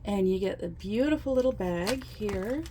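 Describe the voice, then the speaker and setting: A woman chatting casually while unboxing craft kits in her trailer home, gasping and gushing with excitement over each item. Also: medium pitch, normal speed, slight background noise. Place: inside her fifth-wheel trailer home.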